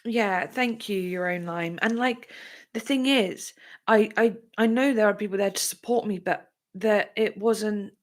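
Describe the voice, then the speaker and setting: A woman's voice: medium pitch, unhurried. A young woman hosting a live chat with viewers, talking candidly and emotionally, close to tears at times, with lots of fillers. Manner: candid, rambling, frequent fillers, breaks into laughs and tearful bursts. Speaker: livestream host chatting with viewers.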